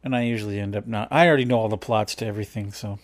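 A man's voice: lowish voice, fairly even intonation, rapid-fire, no room sound. A man co-hosting a podcast in casual chat, chatty and rambling, teasing his co-host.

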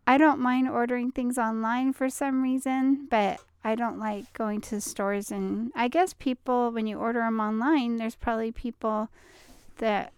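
A woman's voice: a little high, steady tone, unhurried, smooth, no room sound. A woman co-hosting a podcast in casual, upbeat chat, with frequent ums. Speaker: podcast co-host.

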